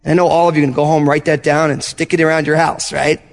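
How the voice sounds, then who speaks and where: High-voiced man preaching a sermon. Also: fast talker, creaky, in a large hall. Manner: animated storytelling with acted-out asides. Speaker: pastor.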